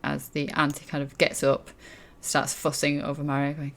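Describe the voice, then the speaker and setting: A woman's voice: deep voice, monotone, normal speed, vocal fry, fairly bright tone. A woman narrating as game master in a casual tabletop game.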